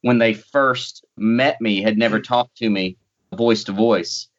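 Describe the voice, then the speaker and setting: A man's voice: lowish voice, steady tone, a little slow, dull audio. A man with a light North Carolina accent, a guest in a casual interview, talking with dry, self-deprecating humor.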